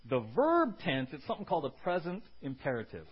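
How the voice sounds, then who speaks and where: A male pastor preaching a sermon, animated, swinging between loud emphasis and quiet low asides. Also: a little fast, husky, lo-fi sound.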